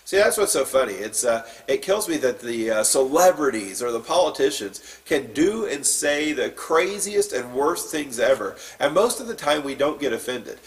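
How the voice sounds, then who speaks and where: A man's voice: mid-range voice, very animated, moderate pace, few pauses, far from the mic, rough recording. A man preaching as a pastor, reading scripture and then giving an informal, plain-spoken sermon with some fillers.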